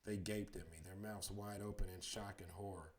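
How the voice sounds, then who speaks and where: A man's voice: sits low, steady tone, moderate pace. Man reading a bedtime story. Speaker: storybook reader.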